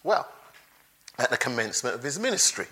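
A man preaching a sermon in an animated way, laughing between points and acting out the quotes he reads. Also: medium pitch, a little fast.

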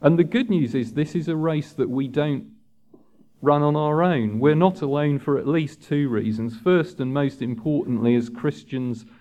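A man preaching a sermon in a measured, earnest way, lifting his voice for emphasis. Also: medium pitch, mellow. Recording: dull lo-fi sound.

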